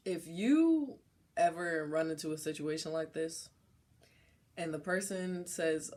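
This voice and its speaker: A young adult woman vlogger telling a personal story in a casual, slangy, animated way. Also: low voice, slow pace, pauses often.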